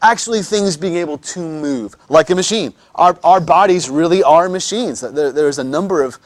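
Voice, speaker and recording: A man's voice: fairly high pitch, moderate pace, dry recording. Joking man lecturing a class. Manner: joking, many restarts and repeated words. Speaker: anatomy teacher.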